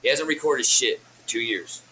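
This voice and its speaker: A man with a very bright, forceful voice tells rambling, profane stories in casual interview chat. He keeps restarting his sentences and acts out other people's lines as he goes. A faint hum of ambient noise sits underneath. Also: medium pitch, normal speed, low-quality recording. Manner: profane, rambling, animated storyteller. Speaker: rapper.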